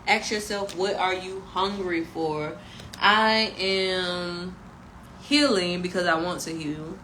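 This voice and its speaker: A woman's voice: lowish voice, steady tone, slow pace, pushed and bright, a little hiss or hum, poor audio. A woman giving a casual tarot reading and spiritual pep talk, emphatic and preachy with slangy asides. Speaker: tarot reader and spiritual guide.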